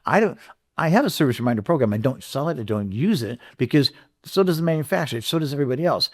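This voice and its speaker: A man's voice: medium pitch, lively intonation, quick pace. A man, a guest in a business interview, explaining his sales method earnestly, with frequent restarts. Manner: earnest, repeats himself, acts out sales letters. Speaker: guest, dealership marketing consultant. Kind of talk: casual interview talk.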